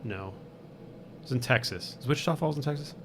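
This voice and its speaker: A man's voice: medium pitch, expressive, brisk, a little hiss or hum. A man as a podcast guest in casual chat, rambling with lots of "like" and "um". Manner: rambling, full of fillers like "like" and "um".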